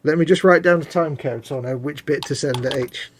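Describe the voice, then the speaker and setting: A man's voice: on the high side, a little fast, slight background noise. Teasing, chatty British man. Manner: chatty, teasing, laughs easily. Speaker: co-host of a live model-making stream. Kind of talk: casual chat while working on models.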